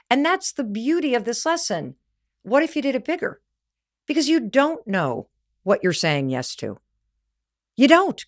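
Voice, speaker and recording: Animated woman telling a motivational story. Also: high-pitched. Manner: animated, emphatic, addresses listener directly. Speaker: podcast host and motivational speaker.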